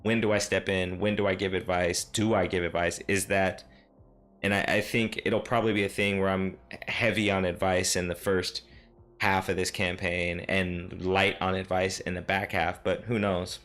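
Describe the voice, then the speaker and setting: Deep-voiced man rambling through a game recap. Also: flat delivery, moderate pace, fairly bright tone. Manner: rambling and self-deprecating, many fillers and restarts. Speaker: dungeon master recapping his game. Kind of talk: casual solo recap talk. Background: faint synth music.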